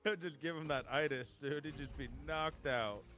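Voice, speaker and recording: A man's voice: on the high side, normal speed, bright, forceful tone. A man tells a funny story in casual chat while gaming, laughing often. He acts out his friend's replies. Faint game music plays behind him. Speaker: gaming streamer.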